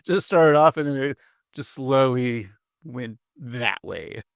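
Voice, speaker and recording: A man's voice: mid-range voice, lively intonation, takes it slowly, gravelly, dry recording. Joking podcast host, a man, dry mic. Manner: joking, rambling, lots of fillers. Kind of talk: casual podcast chat.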